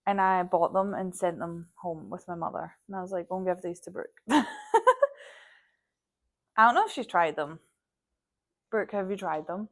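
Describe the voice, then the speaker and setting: A young woman with a Scottish accent, chatting casually in a home vlog and telling stories with lots of quoted dialogue and "like". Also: lowish voice. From Scotland. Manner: animated storytelling, acts out quoted dialogue, frequent "like". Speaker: vlogger.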